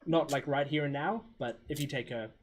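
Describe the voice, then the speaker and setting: A man's voice: mid-range voice, fairly quick, slight background noise. A man narrating a tabletop game as dungeon master, casual and rambling. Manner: casual, rambling, many fillers.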